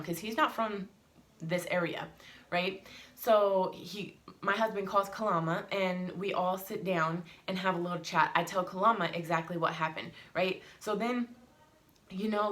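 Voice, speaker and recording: Young adult woman, family vlogger, lowish voice, heated and blunt storyteller. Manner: heated, emphatic retelling with swearing. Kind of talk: casual vlog storytelling.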